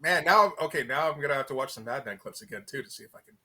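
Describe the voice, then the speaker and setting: A man's voice: mid-range voice, expressive, very fast, pushed and bright, slightly rough. A man from Canada with a Canadian accent, a guest in a casual chat who talks hesitantly with many restarts. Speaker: guest, comic creator.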